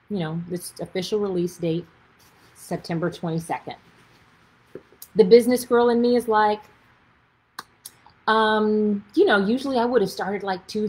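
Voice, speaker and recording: A woman's voice: medium pitch, slightly rough, rough recording. A woman with a Texas accent, an author chatting casually and effusively on a livestream. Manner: chatty and effusive, gushing with excitement. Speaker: author and faith speaker.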